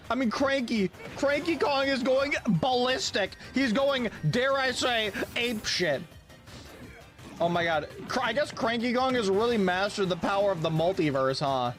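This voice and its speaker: A young man streaming a game live, excitable and cursing loudly at big plays, talking to his chat. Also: very high voice, unhurried, soft background music.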